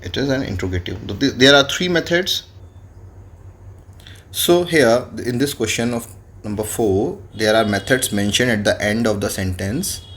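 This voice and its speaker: A man's voice: medium pitch, moderate pace, a bit bright. A man, teaching French grammar in a classroom lesson and spelling words out letter by letter. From India.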